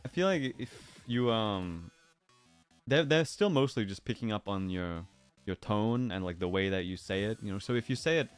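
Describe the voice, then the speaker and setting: A man with a somewhat low voice talks casually to his livestream audience. He muses aloud in a playful, meandering way and slips into silly voices now and then. Faint music plays underneath. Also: animated, normal speed, clear, resonant tone. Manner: musing, playful, drifts into silly put-on voices. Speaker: streamer.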